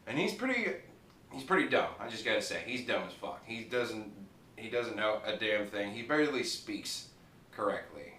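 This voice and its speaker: A TV show reviewer speaks at normal speed in a lowish, very animated, pushed and bright voice. He rambles casually, swears freely, and laughs at his own jokes, captured in an echoey room via a distant mic with faint noise.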